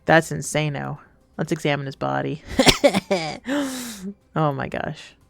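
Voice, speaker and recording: A young adult woman is live-streaming a game, with a slightly low voice close to the mic. She reads the story text aloud and then turns giggly and crude in her own comments. The sound is dry, with soft music underneath. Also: measured pace, creaky, no echo. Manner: excitable, giggly, crude banter.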